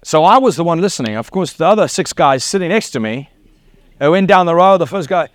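Brief: South African man in his middle years, sermon storyteller, slightly high voice, dry close sound. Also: lively intonation, fairly quick, dry recording. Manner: storytelling with laughs and acted quotes. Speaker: pastor.

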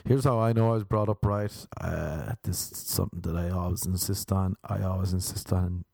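Young irish guy rambling crude jokes, mellow low-ish voice, dry close sound. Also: fairly even intonation, normal speed, gravelly, slightly rough, dry recording. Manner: rambling, self-mocking, jumps into mock voices. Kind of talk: crude comic monologue.

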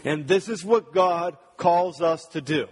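A man's voice: fairly high pitch, unhurried. A man preaching a sermon, earnest and talking to the congregation with rhetorical questions. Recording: long reverb of a large hall.

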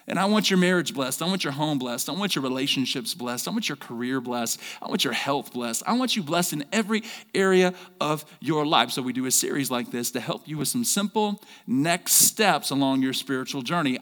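A middle-aged man preaching a sermon as pastor, with big swings between loud, fired-up lines and quiet, low ones. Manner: energetic preaching with big swings in pitch and volume. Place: large church hall. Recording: long hall reverb.

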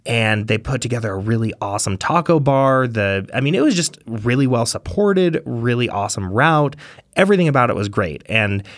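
A man's voice: medium pitch, expressive, a little fast, no echo. A man co-hosting a podcast in casual chat, talking with eager enthusiasm and rambling, with plenty of "you know" fillers. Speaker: podcast co-host.

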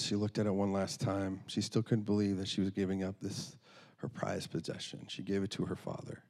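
A man's voice: sits low, little pitch movement, a little fast, warm tone. A man preaching through a story, earnest, often restarting and repeating words. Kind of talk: storytelling sermon.

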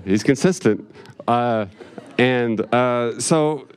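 A man's voice: mid-range voice, takes it slowly, clean tone. A man telling a rambling personal story on stage, with profane, wry asides. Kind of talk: live storytelling with jokes.

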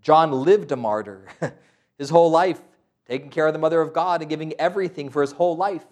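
Man preaching a lively sermon. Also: a little high, fairly quick. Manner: storytelling, with quoted voices and asides. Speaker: priest.

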